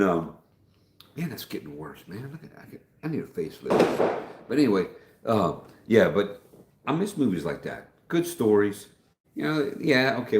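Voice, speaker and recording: A man's voice: deep voice, darkish tone. A middle-aged man hosting a casual livestream from home, rambling in a folksy way as he reads viewer comments aloud. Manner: rambling, folksy, trails off and restarts. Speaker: livestream host. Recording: echoey room.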